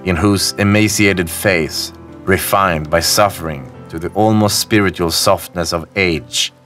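A man with a low, deep voice reads an old tale in a measured, unhurried way. Soft music runs quietly beneath his words. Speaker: horror story narrator. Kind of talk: scripted narration of a classic story. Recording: faint music bed behind the voice. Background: soft background music.

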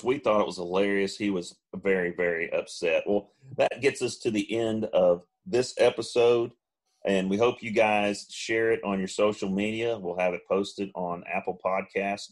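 A man, co-hosting a podcast and telling a long funny story, now and then mimicking friends in high voices. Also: fairly even intonation, moderate pace. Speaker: podcast co-host. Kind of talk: casual storytelling.

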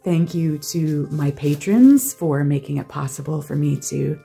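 Soft, gushing woman vlogger, low and gravelly, music behind her. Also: measured pace. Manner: gushing, soft-spoken, often laughing. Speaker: art vlogger. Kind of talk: casual vlog chat and voice-over narration.

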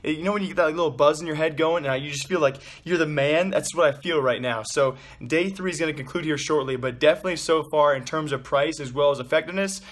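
Young guy vlogging, quick and chatty, kinda high voice, hyped to the camera. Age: young adult. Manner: upbeat, chatty, addresses viewers as guys. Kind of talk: casual vlog to camera. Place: at home, in a stairwell, at a gym.

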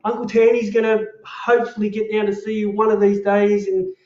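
A man's voice: sits high, level tone, fairly quick, a little mellow, roomy sound, dull audio. An Australian man hosting a casual livestream, chatting matey and swearing freely while reading out viewer comments. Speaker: livestream host.

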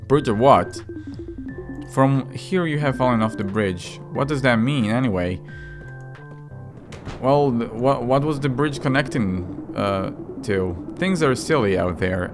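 Joking man commentating a game. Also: on the low side. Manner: joking, reading in-game lines aloud with sudden outbursts. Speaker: gaming commentator. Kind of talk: let's play commentary.

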